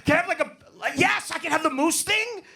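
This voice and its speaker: A man's voice: extremely high pitch, animated, quick pace, vocal fry, sharp tone. A man doing a profane, brash stand-up set in a comedy club, working the crowd. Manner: profane, brash, riffs on audience.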